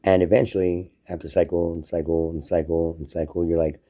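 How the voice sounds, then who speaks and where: Very dark-voiced man ranting. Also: low-pitched, little pitch movement, brisk. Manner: profane, heated, storytelling. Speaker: vlogger. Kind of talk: casual monologue rant.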